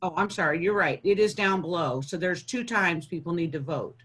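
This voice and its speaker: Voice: medium pitch, brisk, fairly bright tone, breathy edge. A webinar co-host clarifying the poll questions, with hesitant restarts. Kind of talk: webinar moderation.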